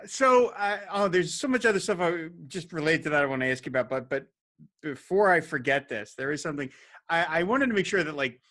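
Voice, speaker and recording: Male podcast host, bright higher voice, eager and self-deprecating. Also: expressive, a little fast. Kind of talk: interview chat.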